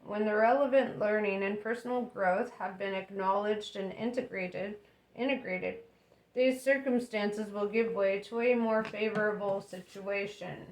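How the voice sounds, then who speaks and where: A woman's voice: medium pitch, steady tone, a little slow. Chatty young woman giving a tarot reading. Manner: chatty, many fillers, laughs often. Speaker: tarot reader.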